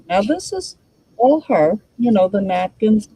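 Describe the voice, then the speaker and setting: A woman's voice: mid-range voice, very animated, measured pace, warm tone, breathy edge, rough recording. A woman hosting a casual crafting demo, thinking aloud and chatting to her viewers while she works. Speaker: crafting channel host.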